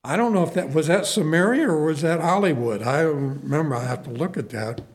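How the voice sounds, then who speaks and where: A man's voice: a little high, a little fast. A male pastor preaching a sermon to his congregation in a folksy manner, repeating key phrases for emphasis.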